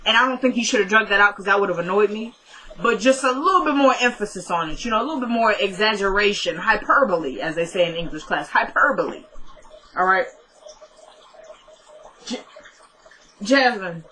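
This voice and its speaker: A woman's voice: medium pitch, expressive, a little fast, pauses often, bright, forceful tone, rough recording. A young woman at home chatting through a TV episode recap, acting out the characters' lines as she retells the scenes. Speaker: TV recap vlogger.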